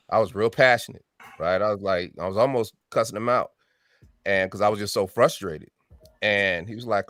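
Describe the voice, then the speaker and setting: Guy in his 50s, low voice, telling his story all animated, keeps saying right?, dry close sound. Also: a little fast, no echo, faint music behind. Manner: animated storyteller who acts out quoted voices; frequent tag question "right?". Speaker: music artist guest. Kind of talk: storytelling interview.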